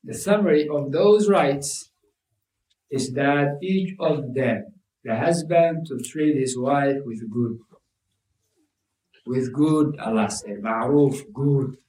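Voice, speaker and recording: A man's voice: medium pitch, takes it slowly, mellow. A man preaching a sermon to a congregation, emphatic and repetitive, mixing Arabic religious terms into his English. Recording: echoey room, mic at a distance.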